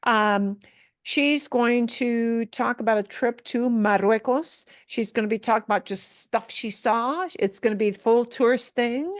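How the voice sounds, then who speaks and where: A woman teaching a Spanish class, explaining slowly, repeating words for learners and mixing English with Spanish phrases. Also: a little high, dry recording, studio quality. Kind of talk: recorded class lesson.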